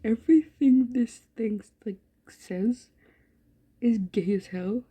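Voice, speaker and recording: A woman's voice: a little high, slow, warm tone, husky, lo-fi sound. Giggly, swearing woman reading a story game. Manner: giggly, profane, frequent laughter. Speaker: gaming YouTuber.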